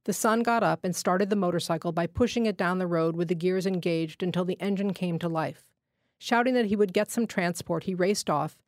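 Low-voiced woman reading literary fiction. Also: no room sound, studio quality. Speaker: fiction reader.

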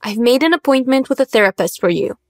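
A woman playing a worried, caring middle-aged mother who pleads gently with her daughter. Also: a little high, animated, fast, no room sound, studio quality, close to an everyday voice. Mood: pleading.

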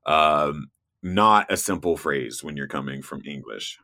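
Deep, bright-toned man telling travel stories. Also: a little slow, creaky. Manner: animated storyteller, laughs often, mimics voices in quotes. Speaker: podcast guest, travel show host. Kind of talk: casual interview chat.

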